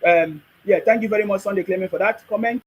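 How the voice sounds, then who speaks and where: This is a man with a Nigerian accent and a noticeably high voice, hosting a live stream. He speaks emphatically, repeats his points, and talks back to his viewers' comments in a preachy way. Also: fast, breathy edge, dull audio. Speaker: livestream host.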